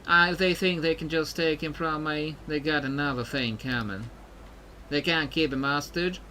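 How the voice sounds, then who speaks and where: A man's voice: fairly high pitch, normal speed, sharp tone, a little hiss or hum. A man voicing a confident woman pirate captain with a put-on Southern belle accent, reading game dialogue aloud with determination. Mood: determined.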